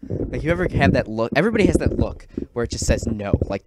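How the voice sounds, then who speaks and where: Excitable teenage boy with loud noise behind. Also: medium pitch, fairly quick. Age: teens. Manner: rambling, excitable, acts out quotes with sudden loud squeals. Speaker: amateur stand-up comic. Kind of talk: casual stand-up storytelling.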